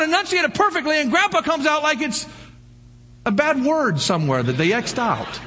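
An older man preaching a sermon, firing off rhetorical questions and breaking into animated shouts. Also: very high-pitched, moderate pace. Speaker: pastor.

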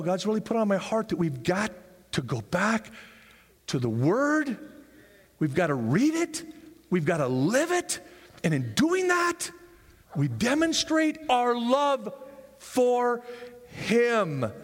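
A man preaching a sermon in a church, animated, acting out people's excuses in high voices. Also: moderate pace, pauses often, in a large hall. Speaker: pastor.

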